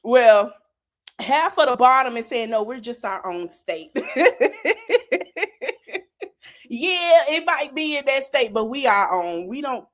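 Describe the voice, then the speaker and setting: Lively woman podcaster. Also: on the high side. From South Florida. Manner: animated, laughing, slangy and teasing. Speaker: podcast host. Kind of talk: casual commentary.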